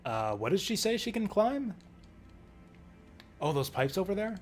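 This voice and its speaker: A man's voice: sits high, sing-song, unhurried, faint music behind. A man streaming a video game, giving casual commentary in a rambling, joking way with frequent chuckles.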